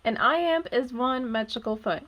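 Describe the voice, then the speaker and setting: A young woman in her twenties narrates a poetry lesson in a fairly high, light voice. She speaks clearly and deliberately from a script. She slows right down whenever she marks where a syllable is stressed. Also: muffled recording. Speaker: student teaching poetry.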